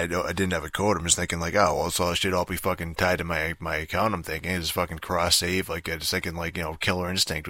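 Low, bright-toned swearing gamer man. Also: dry recording. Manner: profane, rambling, frustrated, heavy swearing and fillers. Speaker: gamer venting about a game release. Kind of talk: casual rant to camera.

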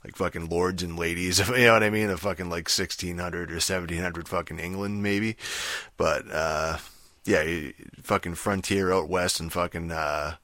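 A man's voice: sits low, fairly even intonation, normal speed, sharp tone, no echo. A man ranting casually about a TV show, profane and rambling, full of fillers and restarts. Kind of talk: casual rant.

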